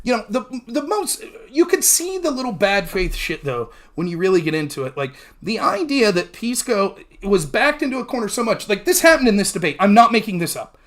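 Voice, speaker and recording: A man's voice: high voice, sing-song, brisk, hardly any pauses, fairly bright tone. A man hosting a political talk show, recapping a debate in a heated, argumentative way with emphatic, sometimes profane remarks. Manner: argumentative, mimics opponents mid-sentence.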